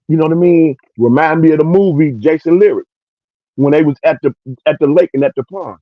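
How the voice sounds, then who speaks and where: A man's voice: on the high side, lively intonation, dry recording. Male livestream host, preachy and emphatic, dry and muffled lo-fi sound. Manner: preachy, drawn-out emphatic points. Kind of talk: casual opinion chat.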